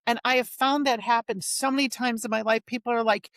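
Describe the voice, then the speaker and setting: A woman's voice: fairly high pitch, fairly even intonation, brisk, few pauses, fairly bright tone, no room sound. A woman in her forties, a finance executive guest, telling workplace stories in a frank, emphatic way and acting out quotes. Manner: frank, emphatic storyteller who acts out quotes. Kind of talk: casual conversational interview.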